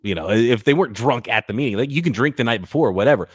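A man hosting a casual sports podcast, thinking out loud in long speculative runs full of restarts. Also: mid-range voice, animated, very fast, breathy edge, dry recording, clean studio sound. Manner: rambling, speculative, many restarts. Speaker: podcast host.

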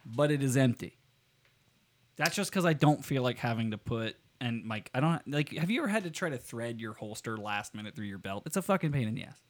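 A man's voice: medium pitch, lively intonation, brisk. A man hosting a podcast from a home studio, joking and swearing in casual chat. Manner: joking, swearing, rambling with restarts. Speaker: podcast host.

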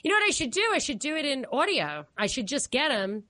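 A woman's voice: high-pitched, very animated, fast, sharp tone, no echo. A woman from New York with a New York accent, chatting casually on a podcast, rambling and laughing often. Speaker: podcast co-host. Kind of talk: casual political chat.

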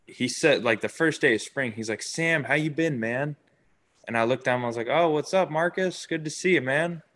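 A young man, a baseball player, casually telling stories in an interview and acting out what others said. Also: lowish voice. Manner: animated, acts out quotes of others.

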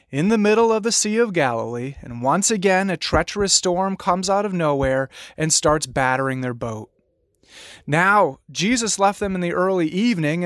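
Male pastor from New Jersey, higher voice, dramatic sermon delivery, dry close mic. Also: fairly bright tone, no echo. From New Jersey, USA. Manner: dramatic storytelling delivery, slowing and dropping low on key words.

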